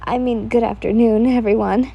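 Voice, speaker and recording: A woman's voice: fairly high pitch, fairly even intonation, moderate pace, gravelly, slightly rough, lo-fi sound. A woman voicing a brash, swearing young woman in a read-aloud fan fiction story. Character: young woman Yin, the brash listener character.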